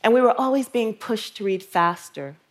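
A woman in her fifties from New York, a writer giving a slow, measured storytelling talk on stage, with soft trailing phrases. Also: a little high, lively intonation. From Brooklyn, New York.

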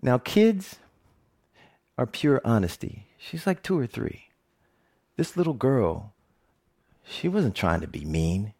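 A middle-aged man tells a personal story in a talk, his voice rising and falling widely as he builds each moment. He speaks at a middle pitch with an animated, joking manner, like a television reporter addressing an audience. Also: slow pace, pauses often. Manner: animated, jokey storytelling with big pitch swings.

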